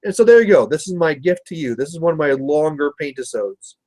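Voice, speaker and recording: Casual Canadian male streamer, rambling storyteller, slightly raised pitch. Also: lively intonation, a little fast, a little mellow. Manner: rambling storyteller, chatty with viewers. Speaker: miniature painting livestream host. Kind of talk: casual chat while painting.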